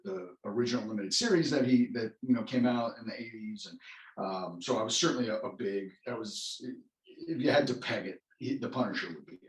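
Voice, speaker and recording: A man, an actor being interviewed, talks in a casual, rambling way with many restarts and self-corrections. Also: on the low side. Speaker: actor guest. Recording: roomy echo.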